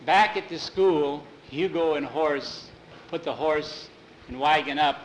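A man telling a spooky cemetery story out loud, with occasional restarts, slipping into voices for the characters. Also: takes it slowly, slight background noise, rough recording. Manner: unscripted retelling with restarts, lifts pitch for scared boys. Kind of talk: spoken storytelling, voicing characters.

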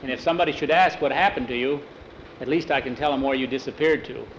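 A man's voice: medium pitch, quick pace, slight background noise, natural voice, low-quality recording. A man voicing a sly, ominous male storekeeper in a western story.

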